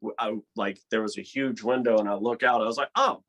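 A man with a drawl recounts a chaotic gig in casual conversation. He swears freely and bursts into the voices of people he quotes, keeping the telling animated and loose. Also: lowish voice, fast. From Georgia, US. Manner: profane, animated storyteller acting out quotes. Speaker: touring band musician, guest. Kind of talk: casual storytelling chat.

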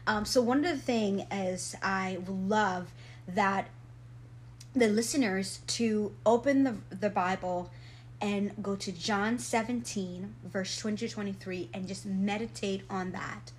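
A woman guest in a casual faith conversation, telling stories in quick bursts and laughing often. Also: mid-range voice, steady tone, slight background noise. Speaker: guest, traveling minister.

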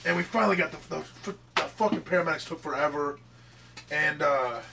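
A young man rambling excitedly through a story among friends, swearing constantly in casual chat. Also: a little high, brisk, gravelly, noisy background. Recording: mic at a distance.

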